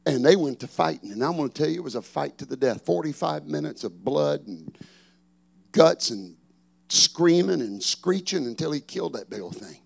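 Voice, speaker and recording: A middle-aged man, a pastor preaching a sermon, swinging from shouted refrains to chatty storytelling. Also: a little high, expressive, normal speed, vocal fry.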